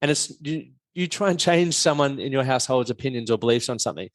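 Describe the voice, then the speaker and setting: A man's voice: mid-range voice, lively intonation, fast, no room sound. A man hosting a podcast as a coach, speaking frankly and reflectively with casual swearing. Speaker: podcast host, men's performance coach.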